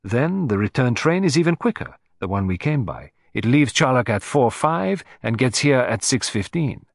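A man's voice: medium pitch, very animated, moderate pace, vocal fry, no room sound, studio quality. Hercule Poirot, put on by a man, precise and smug. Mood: explaining. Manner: precise, self-satisfied, theatrical. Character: fussy, proud, shrewd older male Belgian detective.

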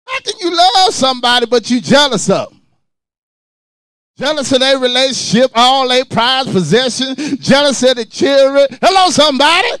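A male pastor preaches in call-and-response style, his high voice leaping wildly between shouts and hushed asides. The sound is dry and close, with no room around it. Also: lively intonation, normal speed, clear, resonant tone, no echo. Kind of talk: sermon.

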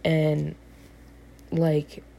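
Low, mellow-voiced young woman ranting. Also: monotone, extremely slow, gravelly, a little hiss or hum. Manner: chatty, filler-heavy, self-deprecating. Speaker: student with a part-time job. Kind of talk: casual rambling rant to camera.

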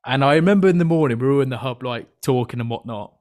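A man's voice: medium pitch, quick pace, a little mellow. Young British man, podcast host, laughing, teasing, storytelling. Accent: British English. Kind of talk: casual chat.

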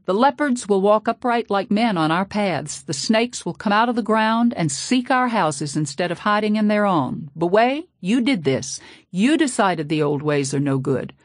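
A woman voicing an old male village witch doctor who shouts prophetic threats in a storybook reading. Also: medium pitch, lively intonation, moderate pace, dry recording, clean studio sound, pitched above the performer's own voice, close to an everyday voice. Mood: menacing. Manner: shrieking, chanting threats.

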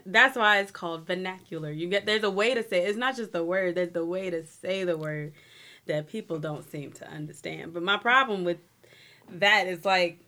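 Young woman co-host, lower voice, gets fired up. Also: normal speed, sharp tone. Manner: emphatic, building to passionate rants. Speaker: podcast co-host. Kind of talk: casual chat.

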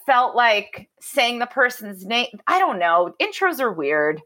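Lively, bright-voiced woman podcast host. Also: a little high, measured pace. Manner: lively, chatty, many fillers. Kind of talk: casual podcast interview.

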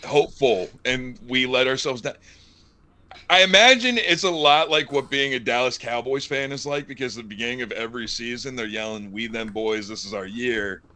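Animated jokey man on a wrestling podcast. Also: medium pitch, fairly quick. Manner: animated, jokey, rambling asides. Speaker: podcast co-host. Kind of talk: casual wrestling chat.

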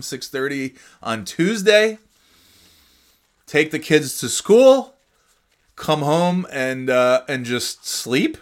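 Alone on his casual podcast, a man rambles through whatever's on his mind, restarting often, cursing, and chuckling frequently between phrases. His voice is medium-pitched with a fairly bright tone.

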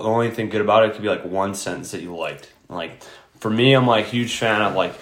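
A man co-hosting a casual podcast, blunt and swearing freely, with plenty of filler words. His voice sits a little low. The sound is roomy and echoey. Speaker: podcast co-host. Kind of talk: casual chat. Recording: echoey room.

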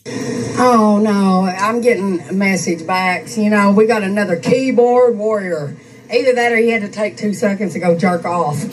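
A woman's voice: mid-range voice, measured pace, far from the mic, a little hiss or hum, poor audio. Mocking woman ranting crudely, off-mic. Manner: mocking, crude, laughs often. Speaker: streamer ranting at an online troll. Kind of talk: profane casual rant. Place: on a couch at home. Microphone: handheld microphone.

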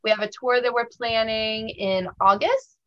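A woman's voice: fairly high pitch, steady tone, unhurried. A woman guest from a band, chatting casually and upbeat in a podcast interview. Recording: dull lo-fi audio.

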